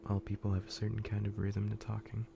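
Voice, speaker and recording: A man's voice: fairly low pitch, completely flat delivery, fast talker, vocal fry, noisy background. A man streaming, narrating a scary story in a casual, profane, laid-back way with frequent restarts.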